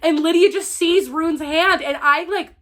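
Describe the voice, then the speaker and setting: A young woman gushing through a casual, spoiler-filled book review, excitable and full of "like". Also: very high-pitched, measured pace. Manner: gushing, excitable, heavy use of "like".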